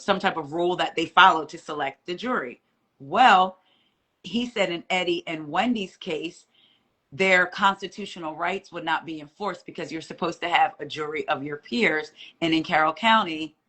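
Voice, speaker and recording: Woman, low-ish voice, chatty live-stream guest, lively storyteller who mimics quoted voices. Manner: animated retelling, acting out quoted voices. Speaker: guest courtroom reporter.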